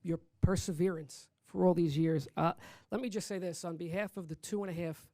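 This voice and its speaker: A man's voice: sits high, steady tone, fairly quick, warm tone, no room sound. A man who leads a state labor federation, giving earnest, grateful press conference remarks.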